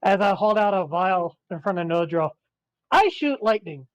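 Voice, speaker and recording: A man's voice: high-pitched, expressive, moderate pace, no echo, low-quality recording. A man playing in an online tabletop game, chatting casually, swearing freely and rambling. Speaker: player.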